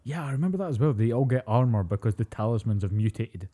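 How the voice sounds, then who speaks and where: A man's voice: medium pitch, fast talker. A young Scottish man co-hosting a podcast, chatting casually, swearing a lot and telling stories full of impressions. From Scotland. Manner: sweary, animated storyteller doing impressions. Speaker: podcast co-host. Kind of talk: casual chat.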